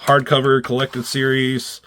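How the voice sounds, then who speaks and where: A man's voice: medium pitch, monotone, a little slow, a bit bright, slight background noise. A man reviewing comic strips in a casual, rambling chat, swearing freely and acting out characters' lines in raised voices.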